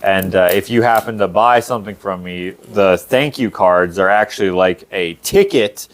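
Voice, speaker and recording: A man's voice: low-pitched, normal speed. A young man co-hosting a casual chat show, rambling along with frequent laughs. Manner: rambling, laughs often, drops into playful impressions. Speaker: podcast co-host.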